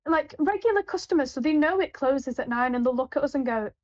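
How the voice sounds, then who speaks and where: Rambling high-voiced woman. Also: lively intonation, brisk, dry recording. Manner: rambling, with frequent fillers and restarts. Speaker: supermarket till worker. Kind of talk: casual anecdotal chat. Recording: dull, lo-fi, dry.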